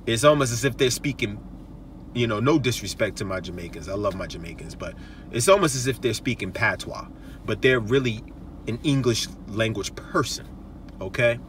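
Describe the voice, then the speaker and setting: A man's voice: mid-range voice, lively intonation, moderate pace, fairly bright tone, far from the mic, slight background noise. A male host giving casual advice, emphatic and repetitive, often checking in with "okay?" and "right?".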